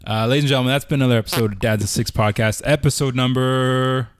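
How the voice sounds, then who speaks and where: A man at a middle pitch telling a long story on a podcast, looping back with "like" and "I'm like" as he goes. The sound is dry and close, with no room around it. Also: steady tone, quick pace, smooth, dry recording. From Canada. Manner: loose storytelling, lots of "like" and "I'm like". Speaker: podcast co-host. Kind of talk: casual podcast chat.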